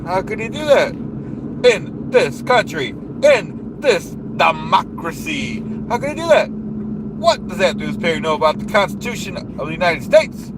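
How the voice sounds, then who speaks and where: Bombastic high-voiced man ranting. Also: very animated, measured pace. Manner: bombastic, repetitive, boastful. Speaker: livestreamer. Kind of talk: comedic in-character rant. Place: in a car. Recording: noisy car interior.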